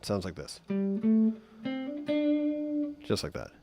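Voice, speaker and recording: A man giving a relaxed, chatty guitar lesson on a live stream, humming note sounds as he explains. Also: low-pitched, unhurried. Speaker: guitar teacher.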